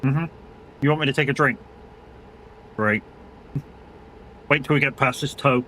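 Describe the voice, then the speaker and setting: A man's voice: medium pitch, a little slow, fairly bright tone, slight background noise. A man streaming a game live, chatting casually, swearing freely and bantering with his chat. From United Kingdom.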